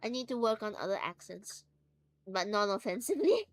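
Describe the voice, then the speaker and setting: A woman's voice: medium pitch, very animated, brisk, no echo, faint music behind. A woman streamer chatting casually to her livestream viewers from home, rambling and playful as she drifts between topics. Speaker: VTuber streamer. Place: at home, sitting on the floor.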